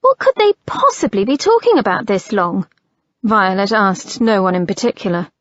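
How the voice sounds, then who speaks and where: A woman narrates an audiobook in a measured, unhurried way at a very slow pace. The recording is dry and close. It also sounds slightly muffled. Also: medium pitch, dry recording.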